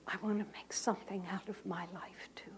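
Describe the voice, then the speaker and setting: A woman's voice: medium pitch, little pitch movement, fairly quick, lightly acted. A woman quoting a young man in an earnest, searching whisper while telling a story in a sermon. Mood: hushed. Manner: hushed whisper. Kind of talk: quoted dialogue in a sermon.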